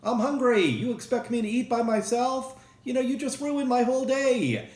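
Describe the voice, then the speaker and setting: A man's voice: extremely high pitch, normal speed, a little mellow, pitched above the performer's own voice. A man putting on a whiny, self-absorbed friend. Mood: indignant. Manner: whiny, indignant. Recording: roomy echo.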